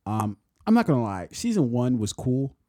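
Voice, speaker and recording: A man's voice: mid-range voice, big pitch swings, moderate pace, mellow, no room sound, studio quality. A man co-hosting a podcast in casual, profane chat, rambling and laughing often. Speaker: podcast co-host.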